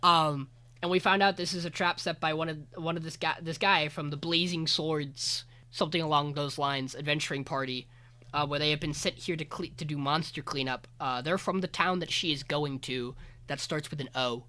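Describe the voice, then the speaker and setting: Bright-voiced man recapping anime. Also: fairly high pitch, fairly even intonation, normal speed. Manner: rambling, filler-heavy, swears casually. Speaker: podcast co-host. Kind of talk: casual anime episode recap.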